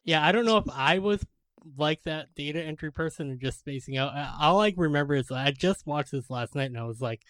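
A man's voice: a little high, fairly quick, a bit bright, no room sound. A man chatting casually about a film, loose and hesitant, admitting what he can't remember. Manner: loose, hesitant, self-deprecating.

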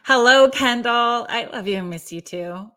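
A woman's voice: on the high side, moderate pace, bright, forceful tone. Woman in her 40s, show host, casual chatty voice, tells stories with little quotes. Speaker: podcast host. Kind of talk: casual chat, reading viewer comments.

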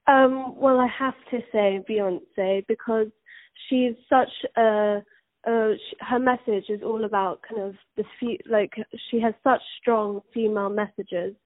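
A teenage girl from England with an English accent, a singer interviewed over the phone who speaks softly and warmly with frequent ums. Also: fairly high pitch, steady tone, unhurried. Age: teens. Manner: soft, friendly, with frequent ums and likes. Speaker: singer, guest. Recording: tinny phone line.

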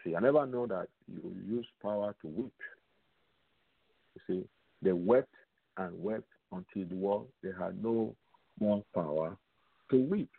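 Slow gravelly preacher man on a phone line. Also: fairly low pitch, no echo. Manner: slow, repetitive, asks the audience rhetorical questions. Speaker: radio preacher. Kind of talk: radio Bible teaching. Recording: tinny phone-line sound, dry.

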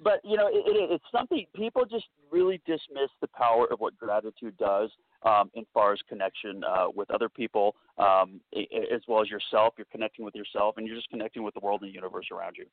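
A man's voice: fairly low pitch, lively intonation, quick pace, no room sound. A man who is a guest on a personal development show, talking in a rambling way with plenty of fillers. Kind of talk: casual chat. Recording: tinny dry phone line.

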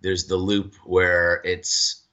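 A man with a very low voice that still rings bright and forward. He talks casually about his craft as a guest, pausing, restarting and circling back as he works out his thoughts. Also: completely flat delivery, clean tone. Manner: thoughtful, halting with many restarts and fillers. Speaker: voice actor guest. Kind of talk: casual interview chat.

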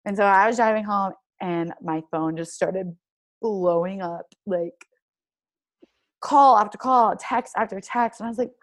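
A young woman, a pro athlete, telling her story in a casual interview, animated and filling her speech with "like". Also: medium pitch, a little slow. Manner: animated, heavy use of "like", acts out quoted dialogue. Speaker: guest, professional soccer player.

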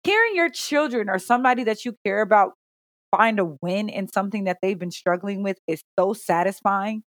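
A woman co-hosting a casual podcast, telling an animated, profane story about her son. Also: medium pitch, fairly quick, no echo. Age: adult parent. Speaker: podcast co-host. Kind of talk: casual chat.

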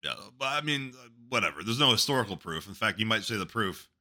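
A man's voice: fairly low pitch, animated, fast, sharp tone. A man co-hosting a podcast, sarcastic and joking, playing audio clips. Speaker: podcast co-host. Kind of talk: casual chat.

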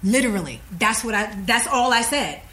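A woman guest telling a story in a casual interview, lively and frank, acting out the voices of the people she quotes. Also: moderate pace, a little hiss or hum. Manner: animated, acts out quoted dialogue with big pitch jumps. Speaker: podcast guest.

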